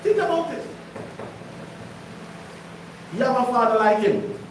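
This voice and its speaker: A man with a very high, expressive voice preaches unhurriedly to his congregation in their hall. He's emphatic yet conversational, often putting questions to the listeners; the echoey room and distant mic carry a little hiss or hum.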